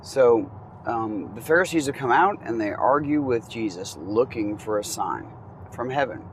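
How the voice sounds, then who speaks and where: A man teaching from the Bible in a relaxed, conversational way, reading passages and adding casual asides. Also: medium pitch, normal speed, a little hiss or hum, rough recording.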